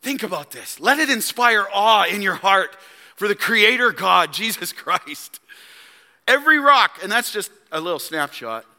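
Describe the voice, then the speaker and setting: Emphatic high-voiced preacher in a reverberant hall. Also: male voice, animated, moderate pace. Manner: emphatic preaching, swinging from loud declarations to hushed low asides. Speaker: pastor. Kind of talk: sermon. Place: church sanctuary.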